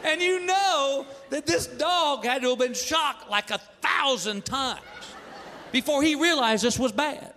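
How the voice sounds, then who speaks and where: High-voiced folksy stand-up storyteller. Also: male voice, a little slow. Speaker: stand-up comedian. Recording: live hall reverb with noise.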